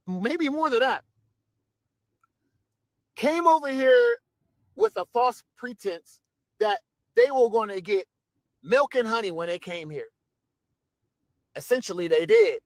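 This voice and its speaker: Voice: medium pitch, a bit bright, no echo, clean studio sound. A speaker in a played commentary clip, ranting in a confrontational way.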